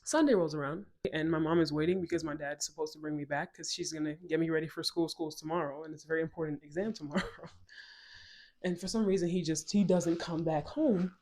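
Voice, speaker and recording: Animated young woman telling a story. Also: low-pitched, fast, a little hiss or hum. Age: 20s. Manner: animated, laughing often, chatty asides to viewers. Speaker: storytime vlogger. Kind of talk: casual storytelling to camera.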